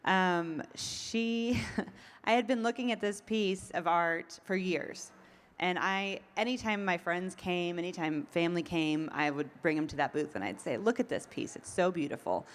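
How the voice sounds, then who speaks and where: A woman's voice: on the low side, unhurried. A woman being interviewed, telling stories in a chatty way with frequent ums and laughs. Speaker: event organizer. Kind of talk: casual interview.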